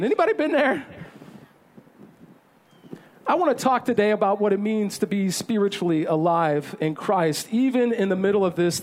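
A man in his thirties preaching a sermon as pastor, telling a self-deprecating story in an animated way. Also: high voice.

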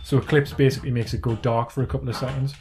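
A man's voice: mid-range voice, flat delivery, very fast, music in the background. A young man, chatting and giggling while playing a video game with a friend on a podcast. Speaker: podcast co-host.

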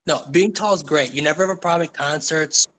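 Man, slightly higher voice, profane, ranting, casual podcast chat. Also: quick pace, a bit bright. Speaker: podcast co-host.

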